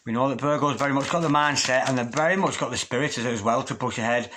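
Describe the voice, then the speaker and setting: A man's voice: medium pitch, fast, few pauses, noisy background. A man talking through a tarot card reading in a chatty way, stopping now and then to call on spirit guides. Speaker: tarot reader.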